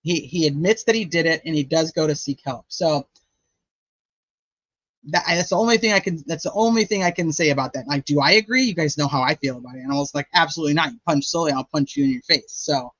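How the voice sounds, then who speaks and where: A man with a slightly high voice talks quickly in a fairly bright tone, hosting a true crime channel in a chatty way packed with "like" and "you know." The audio is dull, lo-fi and dry.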